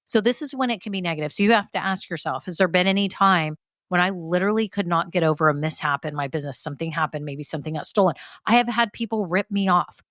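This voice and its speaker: A woman's voice: lowish voice, fast talker, a bit bright, dry recording. Chatty woman podcaster, dry sound. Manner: chatty, candid, lots of fillers and tag questions. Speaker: podcast host. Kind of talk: solo business podcast talk.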